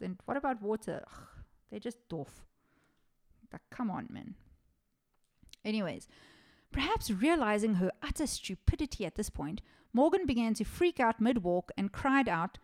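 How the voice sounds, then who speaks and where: A woman's voice: mid-range voice, expressive, moderate pace, darkish tone. A woman, hosting a podcast and telling a true-crime story in a casual, chatty way, swearing often and laughing at her own sarcastic asides. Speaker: podcast host.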